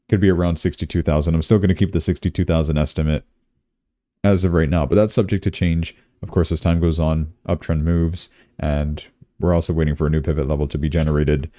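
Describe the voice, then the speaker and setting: A young man hosts a casual livestream, rambling and chatty with a very low, dark, mellow voice. The sound is dry and close, with no room echo. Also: steady tone, brisk. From Canada. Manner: rambling, chatty, says "dude" often. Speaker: crypto livestream host.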